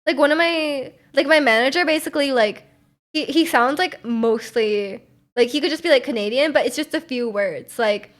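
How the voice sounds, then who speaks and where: Chatty young woman streamer, slightly high voice. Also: normal speed. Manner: rambling, heavy use of "like", frequent laughs. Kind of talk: casual chat with viewers.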